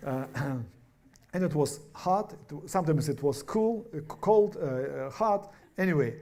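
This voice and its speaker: A man, a pastor preaching a sermon in a church, halting and restarting words with many fillers. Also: fairly high pitch, a little mellow.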